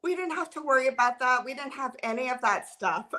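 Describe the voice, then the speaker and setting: Woman in her 30s, live-stream host, bright tense tone, a bit high, rambling chat full of "like"s. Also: expressive, normal speed. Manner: rambling, filler-heavy, flustered and emotional. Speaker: livestream host. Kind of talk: casual livestream chat, reading viewer comments.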